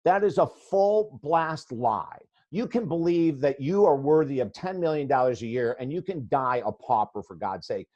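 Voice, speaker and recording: A man's voice: mid-range voice, darkish tone, muffled recording. A man in his sixties, a guest life coach telling a story in a podcast interview, blunt and emphatic.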